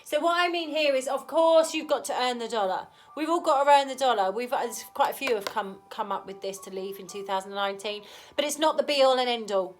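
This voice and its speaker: A woman's voice: on the high side, brisk. A woman giving a casual tarot reading to camera, chatty and frank, with a cold. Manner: chatty, frank, keeps asking "okay?". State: has a cold. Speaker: tarot reader.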